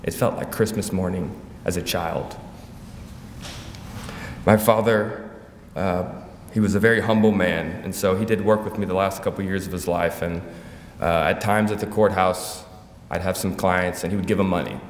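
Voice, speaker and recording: A man speaking as a son at a funeral, giving a heartfelt, halting tribute. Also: low-pitched, fairly even intonation, a little hiss or hum. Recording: echoey hall from far off, faint ambience.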